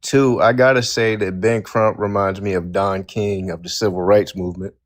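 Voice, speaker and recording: A man giving measured, explanatory commentary as a guest in a discussion. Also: on the low side, steady tone, no room sound.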